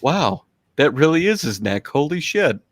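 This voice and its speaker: A man co-hosting a casual online chat, blunt and quick to swear and laugh. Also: a little high, very animated, no echo. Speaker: co-host.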